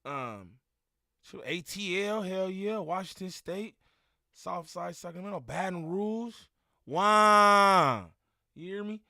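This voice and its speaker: A man livestreaming, reacting to a video and shouting out his chat in loose, slangy street talk with frequent laughs. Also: high-pitched, a little slow, vocal fry, no room sound, studio quality. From Inland Empire, Southern California. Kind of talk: live-stream reaction and chat shout-outs.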